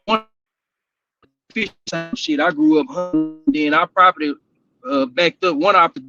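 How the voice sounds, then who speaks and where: A man's voice: fairly high pitch, a little slow, lo-fi sound, music in the background. A man from Houston, Texas, telling laid-back hunting stories in casual chat and laughing often.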